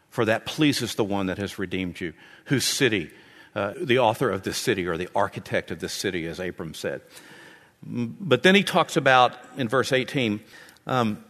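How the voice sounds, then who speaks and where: A man's voice: fairly low pitch, lively intonation, normal speed, a bit bright, in a large hall. A man preaching a sermon as pastor in a church, talking in a conversational way that often repeats and restarts phrases. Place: church sanctuary.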